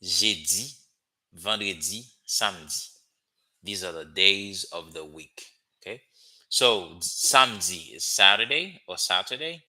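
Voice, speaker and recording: A man with a Haitian accent teaching a livestream language lesson, drilling words with slow repetitions and frequent "okay?" checks. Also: sits low, lively intonation, pushed and bright, poor audio.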